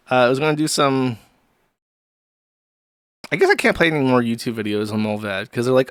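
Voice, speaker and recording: A male stream host in a crude, scornful rant, laughing at what he shows his viewers. His voice sits at a middling pitch and is recorded close and dry, with no room sound around it. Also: expressive, brisk, long pauses, dry recording. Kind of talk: ranting livestream commentary.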